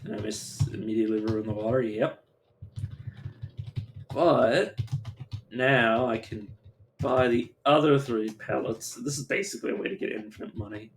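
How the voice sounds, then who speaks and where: A man's voice: medium pitch, normal speed, long pauses, a little hiss or hum. A man streaming a video game live, chatting casually in a rambling, profane, self-interrupting way.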